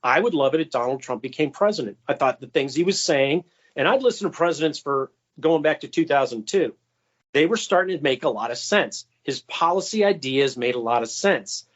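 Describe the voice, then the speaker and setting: Storytelling man, slightly high voice. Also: animated, a little fast, highs cut off. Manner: anecdotal, acts out quoted voices with raised pitch. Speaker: guest, former White House stenographer. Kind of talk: storytelling interview answers.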